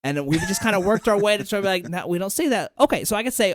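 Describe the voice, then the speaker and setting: A man's voice: high-pitched, fast talker, hardly any pauses, no echo. A man in his thirties chatting on a podcast, telling stories with big swings in his voice. He swears freely and sounds close and dry. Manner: animated storytelling, swears freely. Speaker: podcast guest. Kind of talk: casual podcast chat.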